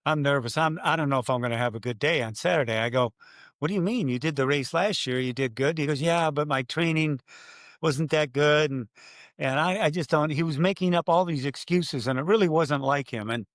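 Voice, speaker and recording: An older man, a former race announcer, telling stories in an interview and acting out his own loud calls. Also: a little high, a little fast, no room sound, studio quality. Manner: animated storyteller, acts out his own calls loudly. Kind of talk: conversational storytelling interview.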